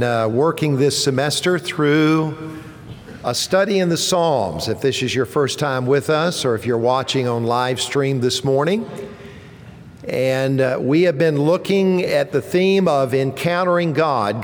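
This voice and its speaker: A man's voice: medium pitch, big-room sound. A man in his sixties preaching a sermon as pastor, emphatic, building toward exclamations and leading the congregation in call-and-response. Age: 60s.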